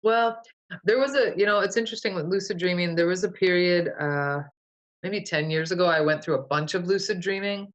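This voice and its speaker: A woman's voice: fairly low pitch, fairly quick, low-quality recording. A woman guest, a folk herbalist, telling a vivid dream in a loose, casual way full of "like" and "you know". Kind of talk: casual storytelling interview.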